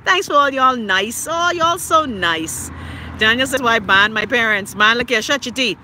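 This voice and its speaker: A Bahamian woman in her fifties with a Bahamian accent, hosting a casual livestream chat and ranting loudly with plenty of profanity, talking into a phone outdoors near traffic. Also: a little high, normal speed. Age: 50s. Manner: loud, profane, animated ranting. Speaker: livestream host.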